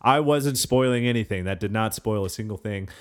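A man co-hosting a casual podcast, telling a story with lively acted-out quotes. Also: on the low side, a little fast, clear, resonant tone. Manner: animated storyteller, acts out quoted voices. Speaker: podcast co-host. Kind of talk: casual chat.

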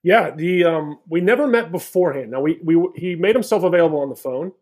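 A man, an actor guest, tells stories in a relaxed, rambling way, full of fillers. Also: on the high side, a little fast, breathy edge. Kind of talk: casual chat.

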